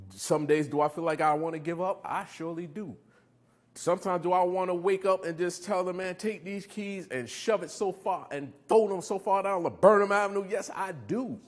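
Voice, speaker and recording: Lively middle-aged man telling his story. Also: medium pitch. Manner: animated storytelling, laughing, quizzing the audience. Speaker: recovery speaker. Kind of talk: motivational talk to a live audience.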